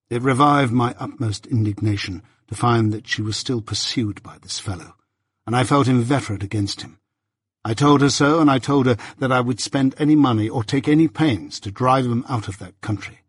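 A man giving a measured, reflective scripted narration of an audiobook. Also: medium pitch, slightly rough, no room sound, clean studio sound.

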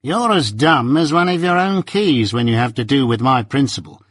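A man voicing a brisk, dry male law clerk with a wry, clipped manner, read as an audiobook. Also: medium pitch, fairly bright tone, no echo, close to an everyday voice.

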